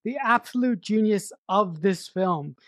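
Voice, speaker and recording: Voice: medium pitch, lively intonation, measured pace, a bit bright, no room sound, clean studio sound. A middle-aged podcast co-host reviewing a film in casual chat, emphatic, repeating words for effect and swearing freely.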